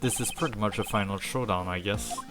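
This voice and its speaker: A man's voice: on the low side, a little fast, loud music behind the voice. A man casually reading a visual novel aloud as a streamer, with offhand comments and swearing. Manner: casual, swears, laughs at the game.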